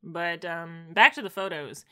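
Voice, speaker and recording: A woman casually recapping a TV episode as podcast co-host, slangy and expressive, voicing characters' quotes. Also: fairly low pitch, unhurried, smooth.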